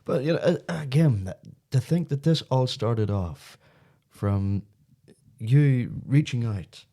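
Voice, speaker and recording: A man's voice: medium pitch, lively intonation, slow, mellow. A man hosting a casual podcast interview, reacting with enthusiastic, admiring remarks. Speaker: podcast host.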